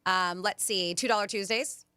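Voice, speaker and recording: Radio host lady, chatty, bright lively voice, dry studio sound. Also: medium pitch, normal speed, clear, resonant tone, no room sound. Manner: chatty, reads out event details with asides. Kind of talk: casual radio chat.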